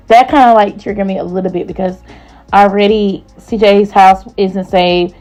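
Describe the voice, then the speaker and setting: A woman's voice: medium pitch, fairly even intonation, moderate pace, a little mellow, faint music behind, low-quality recording. A woman hosting a gossip vlog, recapping online drama in chatty, casual slang. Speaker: host.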